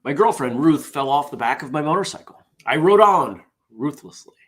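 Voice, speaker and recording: A man's voice: a little high, animated, moderate pace, fairly bright tone. A tired man hosting a casual morning show, reading jokes aloud in a wry, self-deprecating way. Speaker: host.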